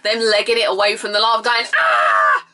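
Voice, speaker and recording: A young woman chatting through a TV episode review, animated and sarcastic, with bursts of mock outrage. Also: fairly high pitch, fast. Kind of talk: casual video review.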